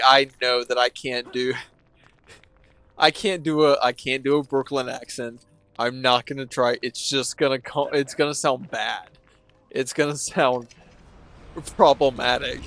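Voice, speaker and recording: A man's voice: medium pitch, fairly bright tone. Joking, rambling young-sounding gamer guy. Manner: rambling, joking, self-deprecating. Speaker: let's play streamer. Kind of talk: casual gameplay commentary.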